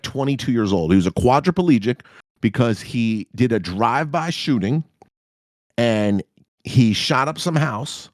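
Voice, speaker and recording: A man hosting a podcast, telling a story in a casual, profane way and jumping into high-pitched reactions. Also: a little mellow, dry recording, clean studio sound. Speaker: podcast host.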